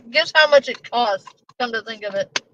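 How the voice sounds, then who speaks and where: A woman's voice: fairly high pitch, expressive, unhurried, noisy background. A woman hosting a casual live stream, rambling and joking with plenty of swearing. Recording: dull lo-fi stream audio.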